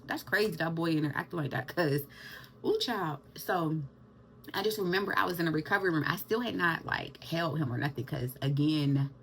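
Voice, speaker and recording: A young woman telling a personal story to camera in an animated, chatty way, calling her viewers y'all. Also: on the low side, creaky, a little hiss or hum. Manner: animated, addresses viewers as y'all, Southern US slang. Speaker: vlogger.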